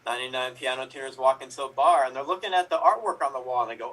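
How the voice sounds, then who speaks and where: A man telling jokes rapidly as an improv player, acting out the lines. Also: medium pitch, fairly bright tone, far from the mic, low-quality recording. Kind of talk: quick joke telling.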